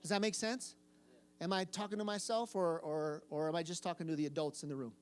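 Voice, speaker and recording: A man's voice: on the high side, steady tone, a little fast, smooth. A man giving a casual youth group sermon to a live audience in a room. He quizzes the listeners and repeats phrases for emphasis. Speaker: youth pastor.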